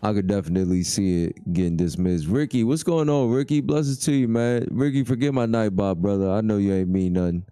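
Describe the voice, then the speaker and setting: Low, mellow-voiced livestream host. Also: male voice, fairly even intonation, brisk, hardly any pauses, clear, resonant tone, no echo, soft background music. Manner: laid-back, reads chat comments aloud. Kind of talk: casual livestream chat.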